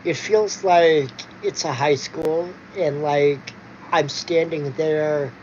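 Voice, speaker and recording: A man talks slowly and loosely, stopping and restarting his sentences with plenty of fillers. The recording is dull and lo-fi, with a faint hiss behind him. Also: a little high, steady tone, darkish tone. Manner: rambling, halting, with many fillers and restarts. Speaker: vlogger. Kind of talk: casual chat. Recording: dull lo-fi sound with faint noise.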